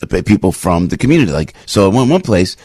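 A man hosts a radio talk show from a studio in a deep, husky voice. He rants with emphatic, punchy repetition, and his voice sounds close and dry. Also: big pitch swings, quick pace, darkish tone, no room sound. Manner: ranting, emphatic, repeats phrases. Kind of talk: opinionated radio monologue.

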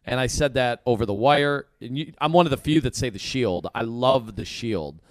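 A man co-hosts a podcast in loose, rambling chat and keeps quoting himself. His voice is smooth and resonant. The sound is close and dry. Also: medium pitch, normal speed, no echo. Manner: rambling, trails into self-quotes. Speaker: podcast co-host. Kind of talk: casual chat.

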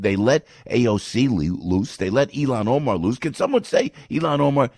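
A man's voice: on the low side, a little mellow, dry recording, studio quality. An older man ranting in political commentary, rambling and exasperated, with frequent stops and restarts.

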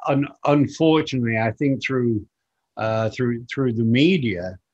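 A middle-aged guest musician from northern England speaks in a medium-pitched, darkish voice with a Lancashire accent softened by decades in America. In this casual interview chat, recorded in muffled lo-fi audio, he's reflective and halting, often repeating words as he begins.

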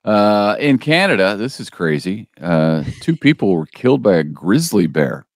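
A man's voice: fairly low pitch, sing-song, normal speed, dry recording, studio quality. A man co-hosting a casual local news show, easygoing and teasing, with frequent fillers.

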